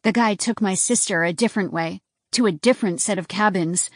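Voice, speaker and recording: Woman narrating a dark audiobook. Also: medium pitch, a little fast, dry recording, clean studio sound. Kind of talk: first-person audiobook narration.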